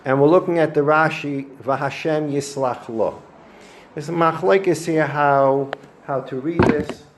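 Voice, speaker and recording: A man's voice: on the high side, measured pace. A man, a rabbi, gives a weekly Torah lesson, telling the stories with animation and dropping Hebrew and Yiddish terms. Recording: echoey room with faint noise.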